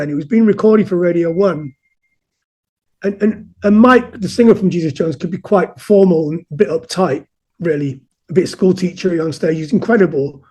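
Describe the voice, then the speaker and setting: A man speaks in a high, mellow register. He talks earnestly and thoughtfully as an interview guest, often stumbling over repeated words as he gets going. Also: breathy edge. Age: 50s. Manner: earnest, reflective, repeats words when starting sentences. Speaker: guest musician. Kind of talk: casual conversational interview.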